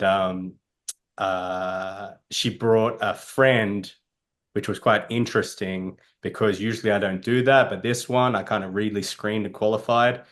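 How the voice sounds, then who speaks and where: A man's voice: lowish voice, fairly bright tone. A man, a dating coach, telling a rambling, profane story on a panel and laughing at himself.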